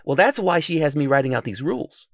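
A man's voice: fairly high pitch, sing-song, fast talker, dry recording, clean studio sound, pitched above the performer's own voice. A man voicing a sensible, bookish male friend who patiently explains things. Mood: explaining.

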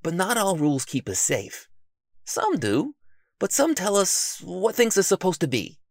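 A man's voice: high-pitched, huge pitch swings, unhurried, no room sound, clean studio sound, pitched above the performer's own voice, exaggerated voice. A man voicing a sensible, bookish male friend who patiently explains things. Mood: explaining.

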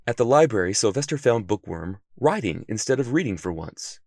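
A man narrating a children's story in an expressive, animated reading voice. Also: lowish voice, a little fast, gravelly, few pauses, dry recording, clean studio sound.

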